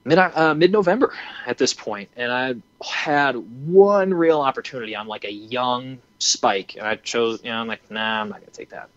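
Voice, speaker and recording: A man in his twenties telling a hunting story in a casual way, animated and full of fillers. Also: mid-range voice, normal speed, dry recording. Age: 20s. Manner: animated, acts out his own reactions, many fillers. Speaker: hunting program founder and podcast guest. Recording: dry, slightly dull lo-fi audio.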